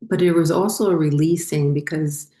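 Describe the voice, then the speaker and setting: A woman's voice: low-pitched, fairly even intonation, normal speed, warm tone, echoey room. A woman, hosting a spiritual channel and telling her own story in a casual, rambling way, with many ums and self-corrections.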